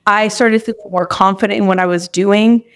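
A woman's voice: medium pitch, steady tone, a little fast, clear, resonant tone. A young adult woman, a podcast guest, tells a personal story in casual conversation, chatty and full of restarts. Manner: chatty, with many restarts and acted-out inner thoughts.

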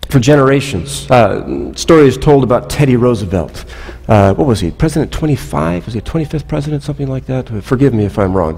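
A man's voice: medium pitch, darkish tone, long reverb tail. A man pastor preaching a sermon in a church, telling stories with wry asides in a conversational way. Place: church sanctuary.

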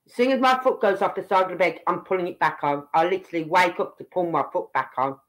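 A woman's voice: on the low side, fast talker, low-quality recording. A woman giving angry, blunt reaction commentary, heated and swearing as she talks to the people on screen. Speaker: online commentator.

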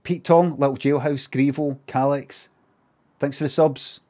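A Scottish man livestreaming, talking in a casual, sweary, animated rant. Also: mid-range voice, a little slow.

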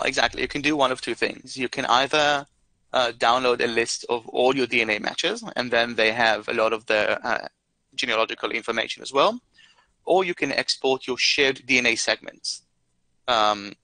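Bright-voiced man carefully explaining answers. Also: medium pitch, moderate pace, no echo, poor audio. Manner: careful, explanatory, many "uh" fillers. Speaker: product expert answering questions. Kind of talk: live Q&A explanation.

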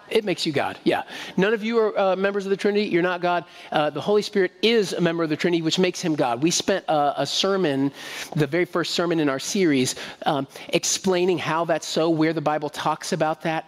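A man preaching a sermon to his congregation in a relaxed, conversational way, often asking them questions and repeating key phrases. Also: fairly high pitch. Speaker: pastor. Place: church sanctuary. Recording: long reverb of a church hall.

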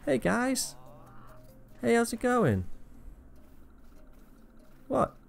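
A man giving crude, jokey let's-play commentary, swearing a lot and breaking into squeaky high outbursts. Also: wildly swooping pitch, drawn-out words, creaky, faint music behind. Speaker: gamer.

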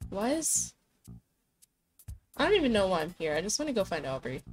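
A woman's voice: mid-range voice, sing-song, fairly quick. A young woman streaming a game, joking to herself and reading dialogue aloud. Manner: playful, joking asides to herself. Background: faint game music.

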